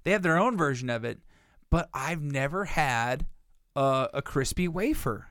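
A man co-hosts a casual podcast, spinning rambling, profane stories and acting out what people said. His voice sits on the high side and is animated and a bit bright, moving at a measured pace. The studio-quality recording has no room sound.

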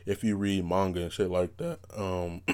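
A man hosting a podcast on his own, telling rambling stories in casual slang, his voice not yet warmed up from waking. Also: sits low, measured pace. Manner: rambling, animated storytelling with slang and restarts. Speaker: podcast host. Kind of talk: casual solo podcast monologue.

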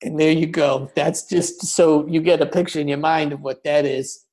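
A man hosting a comedy roast podcast, mocking guests with big swings between loud jabs and muttered asides. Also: fairly high pitch, fairly even intonation, moderate pace.

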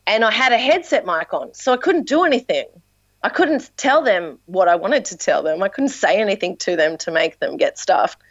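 A woman with an Australian accent, a dance teacher and performer, telling animated stories in casual podcast chat. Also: mid-range voice, normal speed, no room sound, dull audio. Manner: animated storyteller, acts out quotes.

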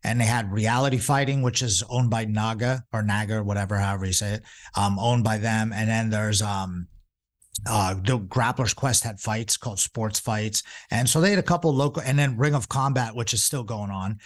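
A man's voice: fairly low pitch, moderate pace. Man, 40s, podcast guest, casual storytelling, rambling, filler words. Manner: rambling, many fillers and restarts. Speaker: podcast guest, jiu-jitsu instructor.

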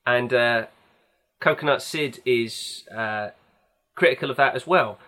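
A man's voice: medium pitch, a little slow, sharp tone. Man, podcast host, casual film chat, rambling, enthusiastic.

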